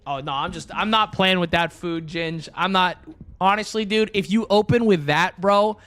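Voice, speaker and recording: A man's voice: sits high, normal speed, a bit bright, soft background music. A young man streaming, chatting casually and rambling with lots of fillers, joking and answering his chat.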